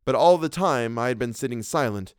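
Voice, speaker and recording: Male narrator, classic story reading, measured pace, dry close sound, mid-pitched voice. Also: lively intonation, dry recording. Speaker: podcast narrator.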